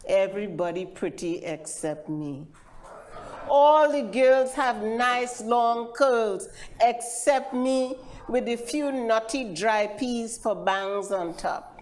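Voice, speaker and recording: Older Trinidadian woman reading poetry slowly. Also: fairly high pitch. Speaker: featured poet. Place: live literary event venue.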